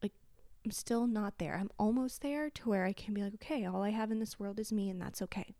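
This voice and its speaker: Solo podcast host, woman in her thirties, tearful, swears freely, mellow tone, dry close sound. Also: medium pitch, fast talker, no room sound. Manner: candid, blunt, swears freely. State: tearful, sniffling. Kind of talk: confessional solo podcast talk.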